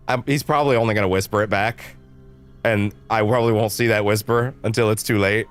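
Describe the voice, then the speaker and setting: A man's voice: a little fast, clear, resonant tone, soft background music. A man livestreaming a game, ranting animatedly and swearing freely at his chat. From Canada. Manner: animated, profane ranting with shifting pitch.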